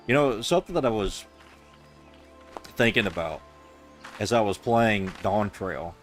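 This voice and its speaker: Male streamer with a Southern US accent, low register, sarcastic and casual. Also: lively intonation, unhurried, long pauses, fairly bright tone, faint music behind. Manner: sarcastic, offhand, profane. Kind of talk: reading game dialogue aloud with commentary.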